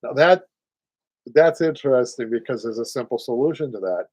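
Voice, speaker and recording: A man in his sixties with a Boston accent, hosting a live upholstery show. He talks in a chatty, halting way, restarts often and laughs a lot. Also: medium pitch, expressive, a little mellow, no room sound, poor audio. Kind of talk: live-stream talk and teaching.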